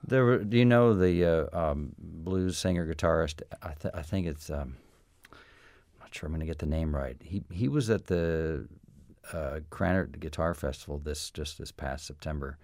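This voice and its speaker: A man interviewing a musician, asking thoughtful questions and pausing often to search for words. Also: very deep voice, vocal fry, darkish tone, dry recording. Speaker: radio interviewer. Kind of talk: casual interview.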